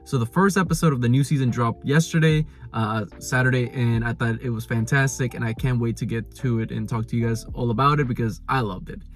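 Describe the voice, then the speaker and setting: A man's voice: mid-range voice, a little fast, hardly any pauses, soft background music. A young man casually reviewing an anime episode, rambling with lots of "like" and restarts. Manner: animated paraphrasing of characters.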